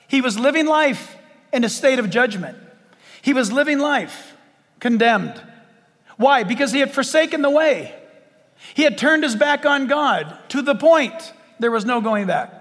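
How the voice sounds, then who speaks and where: A male pastor preaching a sermon in an animated way, acting out scenes and laughing often. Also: very high voice, a little slow, in a large hall.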